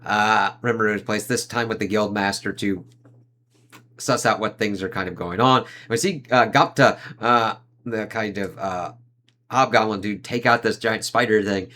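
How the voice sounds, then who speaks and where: A man's voice: lowish voice, steady tone, pushed and bright, slight background noise. Rambling, profane male anime reviewer. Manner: rambling, profane, heavy on fillers like "like" and "uh"; quick vocal impressions of the characters he describes. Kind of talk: casual spoken review.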